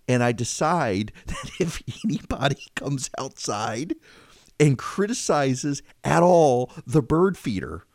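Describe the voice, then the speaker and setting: Middle-aged male talk host, casual storytelling, animated and self-deprecating, dead-dry studio sound. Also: medium pitch, no room sound. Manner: animated, self-mocking, voice rising when exasperated.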